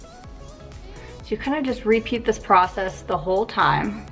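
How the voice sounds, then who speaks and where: A young woman chatting casually through a hair tutorial, with filler words and quick asides. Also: on the high side, wildly swooping pitch, fairly bright tone, soft background music. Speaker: beauty vlogger.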